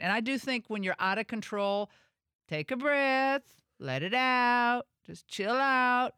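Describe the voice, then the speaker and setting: Bright-voiced woman hosting talk radio. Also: lowish voice, dry recording, clean studio sound. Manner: chatty, animated, quick asides and restarts. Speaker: radio talk show host. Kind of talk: casual talk radio chat.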